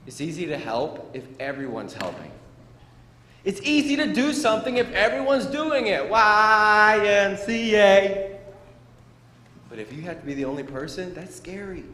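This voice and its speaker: A middle-aged man giving a playful, animated storytelling speech to students as a motivational speaker, in a large school hall. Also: on the high side, brisk. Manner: animated, playful, acts out sound effects. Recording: echoey hall with faint room noise.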